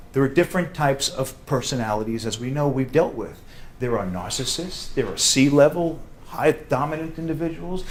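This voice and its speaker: A man with a New York accent teaching a sales seminar, talking fast and loud with a joking, animated manner. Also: medium pitch, slight background noise. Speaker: sales trainer. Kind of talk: classroom sales seminar talk.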